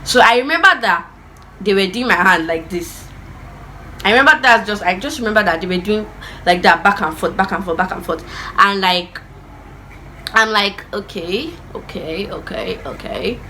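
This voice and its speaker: Animated woman telling a story. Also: medium pitch, normal speed, long pauses, slight background noise. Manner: animated storyteller, acts out the voices of people in the story. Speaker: vlogger. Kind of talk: casual storytime vlog.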